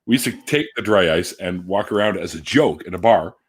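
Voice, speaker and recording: A Canadian man with a low, husky, expressive voice hosts a casual video chat at a brisk clip. He's a joking, profane storyteller who spins jokey tales and acts out the other characters' voices himself.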